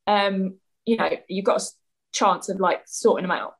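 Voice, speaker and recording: A woman chatting as a podcast guest, opinionated and quick to laugh. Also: mid-range voice, rough recording. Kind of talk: casual chat.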